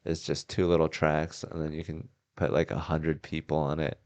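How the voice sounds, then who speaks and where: Deep-voiced man on a casual podcast. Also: monotone, moderate pace, darkish tone, no echo. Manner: laid-back, wry, swearing freely. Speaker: podcast host. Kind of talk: casual chat. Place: house.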